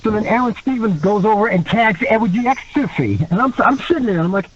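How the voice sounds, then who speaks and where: Animated, high-voiced storytelling man. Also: fast talker, husky. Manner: animated storyteller who acts out quotes and laughs. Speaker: guest, former wrestler. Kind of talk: podcast storytelling. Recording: dull lo-fi sound with faint noise.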